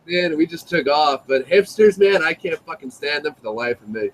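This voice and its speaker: A man's voice: on the high side, normal speed, slight background noise, poor audio. A young man telling a story in casual, profane greaser slang, acting out the voices of the people in it. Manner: animated, acts out voices in his story. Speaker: live stream guest.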